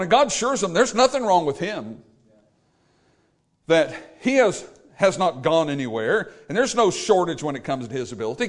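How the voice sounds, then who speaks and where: A man's voice: a little high, very animated, normal speed. A man preaching a sermon in an emphatic, repetitive cadence, stressing each phrase in turn. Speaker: pastor.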